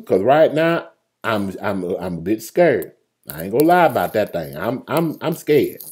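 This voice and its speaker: A man's voice: lowish voice, measured pace, husky. A man preaching a livestreamed sermon, joking and colloquial, talking straight to his viewers by name. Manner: lively, joking, colloquial storytelling; talks straight to listeners by name.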